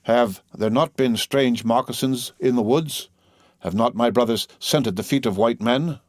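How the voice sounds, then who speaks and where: A man voicing a crafty, persuasive male war chief who speaks in slow, measured, flattering oratory. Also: mid-range voice, no room sound, studio quality, lightly acted. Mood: scheming.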